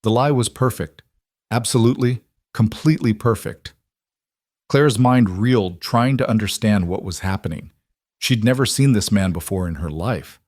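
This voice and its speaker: A man narrating a western story in a steady, dramatic storytelling manner. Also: lowish voice, normal speed, no room sound, clean studio sound.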